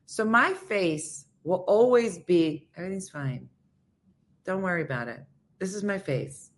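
A woman with a lowish voice speaks at a measured pace while hosting a morning radio show. In casual chat she tells stories, animatedly acting out quotes in different voices and often addressing listeners by name.

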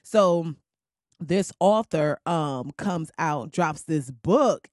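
A woman's voice: low-pitched, extremely slow, dry recording, studio quality. Laughing, slangy woman podcast host. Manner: loud, laughing, slangy and animated. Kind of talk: casual comedic podcast monologue. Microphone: crackly podcast mic.

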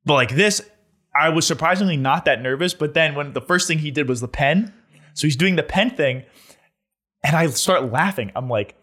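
A young man telling a story in casual chat, animated and laughing as he goes, with lots of filler words. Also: fairly high pitch, normal speed.

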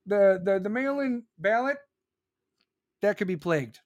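A man's voice: sits high, lively intonation, measured pace, long pauses. A man doing a heated, sarcastic and profane political rant, reading viewer comments and mocking others.

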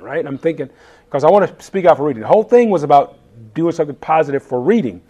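Animated storytelling man in his 50s. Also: on the high side, quick pace. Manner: animated, laughing, acts out quotes. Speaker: chef, interview guest. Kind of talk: casual interview storytelling.

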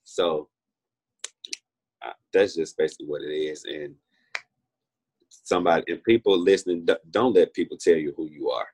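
A man's voice: very deep voice, moderate pace, pauses often, a little mellow, breathy edge. A man in his twenties, an interview guest, sharing a personal testimony in an earnest, heartfelt way, often repeating himself. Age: 20s.

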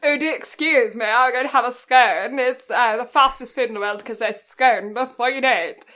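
A fussy, genteel British lady speaks in a clipped, prim manner. Her voice sits high and sounds bright and sharp, each word pronounced with care. A woman puts her on for fun. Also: normal speed. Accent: posh British, put on.

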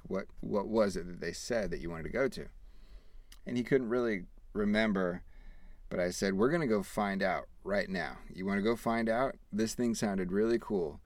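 A man in his thirties hosting a podcast, telling a family story in a rambling, animated way, acting out the quoted dialogue. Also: low voice, dry recording. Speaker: podcast host. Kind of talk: casual storytelling.

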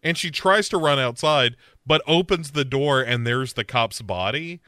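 A man's voice: medium pitch, lively intonation, measured pace, sharp tone, smooth, no room sound, studio quality. A man co-hosting a podcast, casually recapping a show and acting out quotes in a rambling, playful way. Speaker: podcast co-host.

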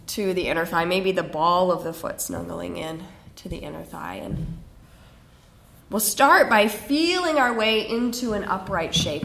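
A woman teaching a guided yin yoga class with slow, soothing spoken cues. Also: mid-range voice, fairly bright tone. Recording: roomy echo with faint ambience.

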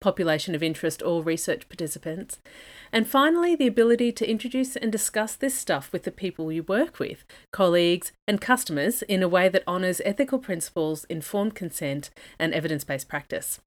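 Lower-pitched woman, measured podcast lecturer. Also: expressive. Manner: measured, methodical, list-like delivery. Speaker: dietitian and podcast host. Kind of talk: scripted educational podcast narration.

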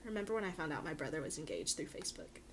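A woman co-hosting a podcast in casual chat, laughing often and filling pauses with ums. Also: sits low, sing-song, slight background noise. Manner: giggly, lots of ums and laughs. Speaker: podcast co-host.

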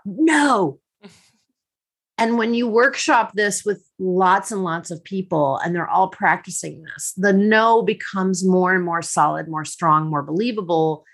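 A woman hosting a podcast as a life coach, talking in a lively, teasing and directive way. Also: mid-range voice.

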